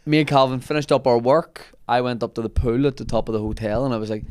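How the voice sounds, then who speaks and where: A man hosting a comedy podcast, telling an animated anecdote in casual chat and laughing often. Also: mid-range voice, fast talker, hardly any pauses, no echo.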